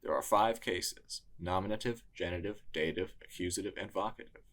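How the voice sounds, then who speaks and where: A man narrating a scripted lesson in a measured, explanatory way. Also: low-pitched, fairly bright tone. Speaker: tutor.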